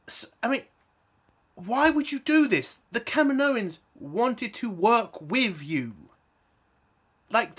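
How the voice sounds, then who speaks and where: A man's voice: high voice, sharp tone. A man giving an exasperated, swearing review rant full of emphatic rhetorical questions.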